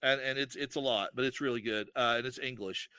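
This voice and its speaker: Bright, talkative man. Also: mid-range voice, fairly quick, clean tone, no echo. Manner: rambling, animated storytelling. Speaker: podcast creator, guest. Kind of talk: casual interview chat.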